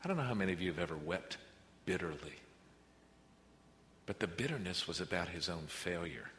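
A man preaching a sermon as pastor, earnest, moving between quiet reflective passages and emphatic rises. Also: sits low, expressive, a little fast. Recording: reverberant hall with faint noise.

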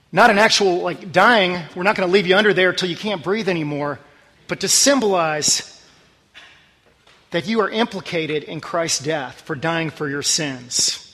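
A pastor preaches in a conversational, heartfelt manner, going low and quiet when he recites scripture, and his words leave a long reverb tail behind them.

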